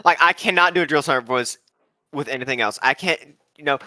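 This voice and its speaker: Bright-voiced joking young soldier. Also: male voice, fairly high pitch, fast talker, no room sound. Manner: joking, crude banter. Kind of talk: casual chat.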